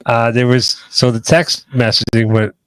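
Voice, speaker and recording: A man co-hosting a podcast in casual banter, teasing with deadpan jokes. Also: medium pitch, normal speed, smooth, dry recording. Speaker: podcast co-host.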